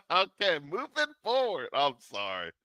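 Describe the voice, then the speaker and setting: Animated bright-voiced man host. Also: fairly high pitch, takes it slowly, dry recording. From Florida. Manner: animated, jokey, preacherly asides. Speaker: channel host. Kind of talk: casual commentary monologue.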